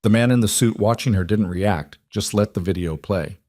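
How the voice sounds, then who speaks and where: A man narrating a crime story in a measured, tense scripted read. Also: on the low side, a little mellow, no echo, clean studio sound.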